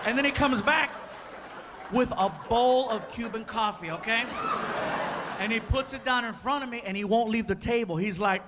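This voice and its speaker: A man doing stand-up storytelling, animated and laughing, breaking into loud impressions. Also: extremely high pitch, brisk. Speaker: stand-up comedian. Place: on stage before a live audience. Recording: crowd laughter and noise.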